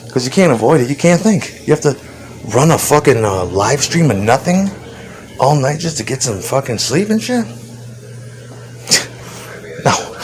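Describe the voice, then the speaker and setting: A man's voice: medium pitch, slight background noise, poor audio. A man talking in a rambling, profane monologue, laughing often between thoughts. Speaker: vlogger.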